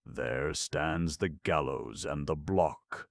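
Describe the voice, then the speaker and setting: A man's voice: a bass voice, takes it slowly, vocal fry, no room sound, clean studio sound, full character voice. A man voicing an older male gamekeeper who delivers solemn, preachy warnings in a raised voice. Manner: solemn, pronouncing warnings like scripture.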